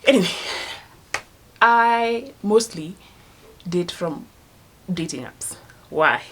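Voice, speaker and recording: Young Kenyan-accented woman, low-ish voice, rambling casual vlogger who sometimes drops her voice to a hush. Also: lively intonation, takes it slowly, a little hiss or hum. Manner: chatty, rambling, laughs at herself; drops to a hushed voice at times. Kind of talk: casual storytelling vlog.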